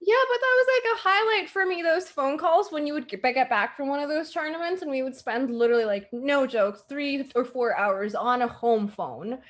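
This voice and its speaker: A woman's voice: sits high, lively intonation, moderate pace, few pauses. A young woman from Canada chatting casually on a livestream, telling stories animatedly and acting out the voices of people she quotes. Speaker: guest, streamer's best friend.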